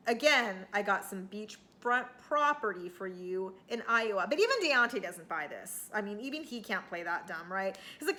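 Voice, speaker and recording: A woman's voice: on the high side, lively intonation, normal speed, few pauses, pushed and bright. A woman recapping a reality TV show in a chatty, sarcastic, rambling way, with plenty of fillers and the odd swear word. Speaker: TV recap vlogger.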